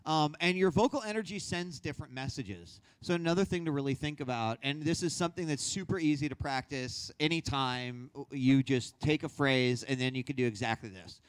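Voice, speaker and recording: A man's voice: medium pitch, fairly quick, few pauses, smooth, no echo. A man leading a hosting workshop, speaking conversationally and breaking into sample reads with different energy. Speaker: workshop host. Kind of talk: instructional talk.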